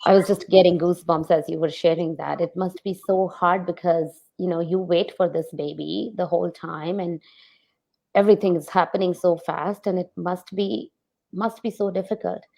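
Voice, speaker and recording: Woman podcast host, low pitch, warmly affirming interviewer. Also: fairly even intonation, moderate pace, gravelly. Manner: empathetic, affirming. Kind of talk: interview conversation.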